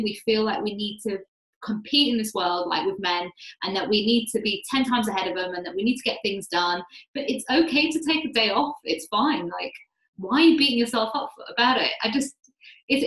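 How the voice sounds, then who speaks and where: A woman's voice: fairly high pitch, fairly quick, a bit bright. British-born woman, roomy echo. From Britain. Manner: earnest, reflective, with frequent "like" and "you know". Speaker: guest, life coach. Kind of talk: podcast interview conversation.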